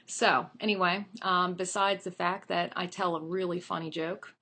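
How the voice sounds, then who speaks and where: A woman's voice: lowish voice, fairly even intonation, normal speed, pushed and bright. A woman in her thirties, telling a joke and then chatting playfully about herself and her work. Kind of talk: storytelling to an audience.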